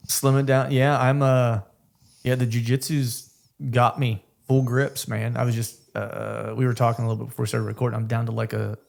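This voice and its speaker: A man's voice: mid-range voice, flat delivery, normal speed, vocal fry, a little mellow. A young adult man hosting a hunting podcast in a loose, rambling, self-mocking way with plenty of fillers. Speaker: podcast host. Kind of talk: casual podcast chat.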